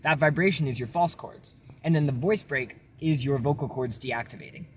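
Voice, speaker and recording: A young man casually explaining a vocal technique in a relaxed, rambling way with lots of fillers. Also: on the high side, moderate pace, husky. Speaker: self-taught vocal tutorial maker.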